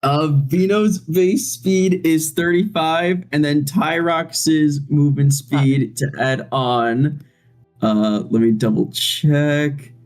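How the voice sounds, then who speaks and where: A woman's voice: low voice, steady tone, slow, darkish tone, soft background music. A woman playing a tabletop game, playful and teasing, narrating her character's actions.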